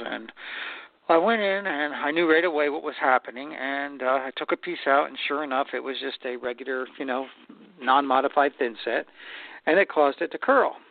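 Gravelly man on a tinny line. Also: medium pitch, dry recording. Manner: relaxed, folksy, repeats words while thinking. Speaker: host of a stone and tile advice show. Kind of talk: casual storytelling to listeners. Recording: dry tinny phone-line sound.

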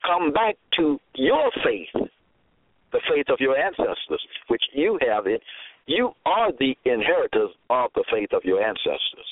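A man preaching a radio sermon, slow and emphatic, repeating himself and asking rhetorical questions. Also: mid-range voice, very animated, no room sound. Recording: tinny phone-like radio audio.

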